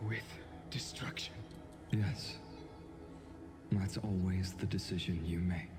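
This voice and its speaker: Grim young game hero, slow hushed lines, music swelling behind. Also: male voice, deep voice, fairly even intonation. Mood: grim resolve. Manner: solemn, hushed, resolute delivery. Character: weary young male hero bound to endless rebirth. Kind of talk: video game voice acting.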